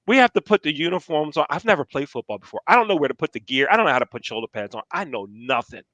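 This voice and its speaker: A man's voice: a little high, fast talker, no room sound. An older man casually telling stories from his youth, acting out the people he quotes. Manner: animated storyteller acting out quotes. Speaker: storyteller guest.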